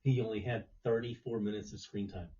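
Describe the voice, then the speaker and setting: A man's voice: fairly low pitch, fairly even intonation, a little fast, dark tone, dull audio. A man in a casual chat, hesitantly sharing a fun fact.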